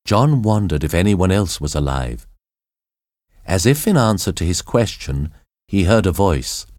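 A man narrating an audiobook chapter in a slow, deliberate, expressive reading. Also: sits low, no echo, studio quality. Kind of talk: scripted narration of a graded reader.

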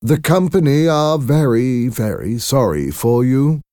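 A man doing a nervous company messenger in a read-aloud tale, pitched well above a deep voice. He speaks slowly and stiffly, in careful formal phrases. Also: animated, dark tone, no room sound, clean studio sound, close to an everyday voice.

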